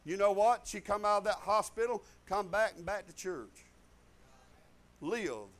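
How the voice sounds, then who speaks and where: Preacher man, high voice, folksy storyteller, chuckles a lot. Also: a bit bright. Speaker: pastor. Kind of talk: telling a testimony in a conversation.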